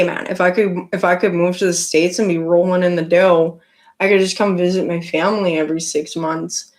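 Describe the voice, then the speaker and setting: A Canadian woman hosting a casual live stream, chatting with viewers in a rambling way full of likes and restarts. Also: on the low side. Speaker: livestream host.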